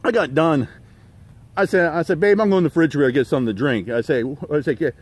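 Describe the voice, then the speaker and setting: Talking fast in a slightly high voice, this middle-aged man vents in a rambling livestream rant on his own channel. It's profane and disjointed, thick with fillers and false starts.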